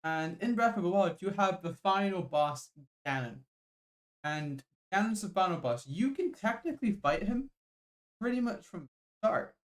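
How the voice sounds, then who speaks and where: A man's voice: high-pitched, big pitch swings, moderate pace. Joking young man in casual chat. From Bangladesh. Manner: rambling, jokey, explains with game analogies. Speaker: podcast co-host.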